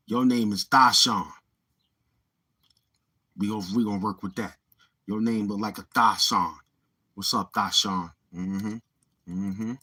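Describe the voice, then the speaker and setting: Boastful husky New York man. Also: on the low side, a bit bright. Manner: boastful, taunting street slang. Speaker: livestream host. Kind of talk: live-stream trash talk.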